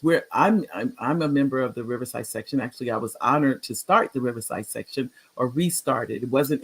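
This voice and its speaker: A man in his sixties, a retired teacher, hosting a livestreamed talk show in a chatty, rambling way, greeting viewers by name with excited upswings. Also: medium pitch.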